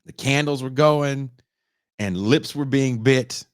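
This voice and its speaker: A man in his forties casually reviewing a film, profane and animated, acting out the characters' lines. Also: medium pitch, slow pace, smooth, dry recording, clean studio sound. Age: 40s. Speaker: podcast host reviewing a film.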